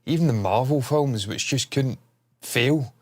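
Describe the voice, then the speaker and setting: A man's voice: medium pitch, a little slow, darkish tone. A man with a stuffed-up nose, hosting a casual chat stream, rambling and swearing casually. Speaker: host.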